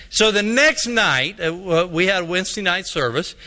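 Bright high-voiced pastor telling a story. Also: male voice, moderate pace, few pauses. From Colorado. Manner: folksy storyteller, acting out both sides of a dialogue. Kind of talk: sermon with personal story.

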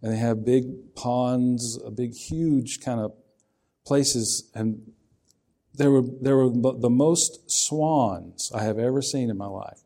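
Male preacher, mellow tone, folksy sermon delivery that asks the listeners questions. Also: mid-range voice, slow.

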